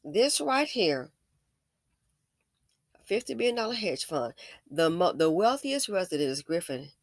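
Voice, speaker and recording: A woman's voice: fairly low pitch, big pitch swings, unhurried, dry recording, clean studio sound. A woman hosting a commentary video, ranting in an angry, profane, scolding way. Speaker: commentary channel host. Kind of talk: blunt commentary rant.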